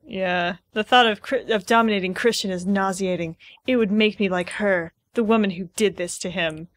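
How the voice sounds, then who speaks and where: A woman's voice: mid-range voice, normal speed, dry recording. A young woman co-hosting a casual podcast, musing in a loose conversational way with lots of fillers. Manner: casual, uses "like" often, reflective. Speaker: podcast co-host. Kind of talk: casual chat.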